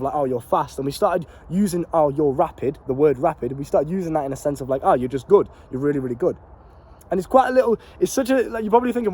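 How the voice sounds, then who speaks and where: Young guy, quick slangy delivery, fairly high voice; casual motivational vlog. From Britain. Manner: animated and swearing, slangy and repetitive. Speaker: vlogger and life coach.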